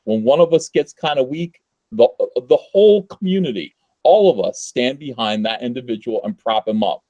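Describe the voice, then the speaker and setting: A man's voice: medium pitch, animated, moderate pace, dark tone, no room sound, lo-fi sound. A man talking as a guest on a casual livestream, earnest and emphatic, with hesitant fillers.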